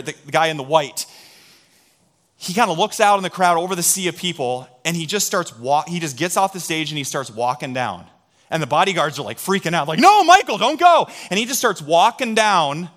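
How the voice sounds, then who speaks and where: A middle-aged male pastor preaching with a bright, forward voice that sits a bit high. He tells stories animatedly and draws the congregation in to respond. He sounds lively and engaging. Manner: storytelling, animated, drawing in the congregation. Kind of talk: sermon.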